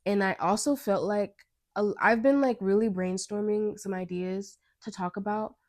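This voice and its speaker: A woman's voice: medium pitch, fairly even intonation, normal speed, a little mellow, no room sound, clean studio sound. A young American woman hosting her own podcast, talking through her thoughts in a rambling, earnest way, often cutting herself off mid-sentence. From United States. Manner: rambling, self-interrupting, earnest. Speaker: podcast host. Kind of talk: casual podcast monologue.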